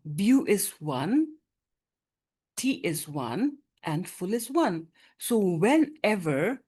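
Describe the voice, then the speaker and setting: A woman's voice: medium pitch, dark tone. A woman teaching a grammar lesson in class, explaining patiently and often checking that students follow. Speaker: English teacher.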